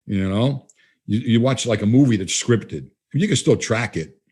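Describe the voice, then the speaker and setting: Older male interview guest, mellow and husky, a loose storyteller who plays out the dialogue he quotes. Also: on the low side, lively intonation, normal speed. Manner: conversational, acts out quoted dialogue. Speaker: guest trainer.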